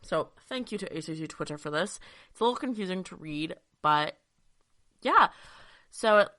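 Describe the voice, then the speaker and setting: A young woman hosting a sports podcast from her childhood bedroom, chatty and excitable with lots of fillers, a little out of breath. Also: on the low side, moderate pace. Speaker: podcast host. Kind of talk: casual sports podcast monologue.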